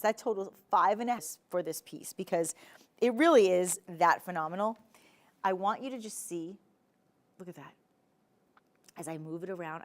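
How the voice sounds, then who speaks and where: Chatty New Jersey shopping host woman. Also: fairly low pitch. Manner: chatty, enthusiastic, playful asides. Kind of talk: live TV jewelry sales pitch.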